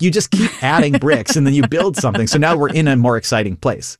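A man, a comedian, talking through an interview in an animated way, laughing and acting out quoted lines. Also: mid-range voice, quick pace, few pauses, no echo, studio quality. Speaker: comedian guest. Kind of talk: conversational interview.

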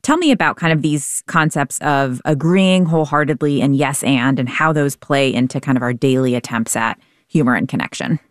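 A woman host with a notably low voice chats casually, full of fillers and easy laughter. The sound is close and dry, without any room echo. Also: normal speed. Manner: casual, many likes, laughs often. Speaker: interview host. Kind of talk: conversational interview.

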